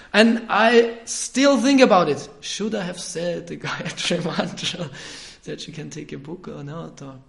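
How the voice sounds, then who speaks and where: A man lecturing on scripture, somewhat high-pitched. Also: unhurried, vocal fry. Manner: conversational, chuckles often, swings between soft asides and emphatic bursts; frequent hesitations and self-corrections.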